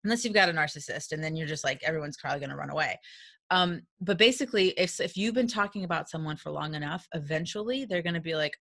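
An animated woman coaching on business in a casual, candid talk. She slips into lively acted-out dialogue to make her points, laughs often and swears mildly. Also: sits low, fast talker, creaky. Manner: candid and blunt, with mild swearing.

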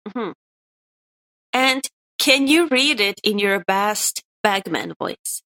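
A woman's voice: medium pitch, animated, slow, pushed and bright, poor audio. A woman co-hosting a casual game lore podcast, playfully quizzing her partner. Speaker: podcast co-host.

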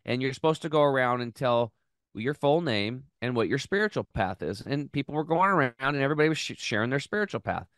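A man hosting a health podcast, earnestly telling an emotional story in a close, animated way with many restarts. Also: mid-range voice, quick pace, no room sound. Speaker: podcast host.

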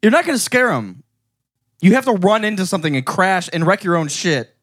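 A man joking around while reacting to a movie, playful and quick to laugh. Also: high voice, very animated, a bit bright, no echo, clean studio sound. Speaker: movie commentator. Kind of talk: casual movie reaction chat.

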